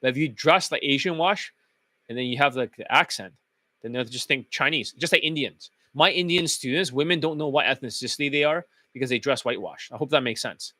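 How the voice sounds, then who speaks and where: Guy dating coach ranting, swears a lot, sharp bright voice, dry sound. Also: medium pitch, fairly quick, dry recording. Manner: blunt and profane. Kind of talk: casual monologue.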